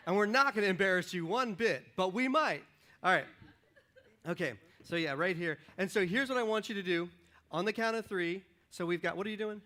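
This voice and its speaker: A man preaching as a pastor from a church stage, joking with and directing volunteers in a lively, upbeat sermon. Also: high-pitched, moderate pace. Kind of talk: lively sermon with audience participation. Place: church stage before a congregation. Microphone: stage microphone.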